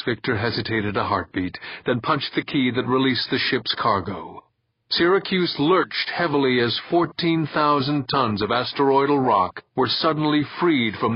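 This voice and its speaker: Brief: male audiobook narrator, husky voice, dull dry lo-fi recording. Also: medium pitch, no room sound. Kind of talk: scripted narration.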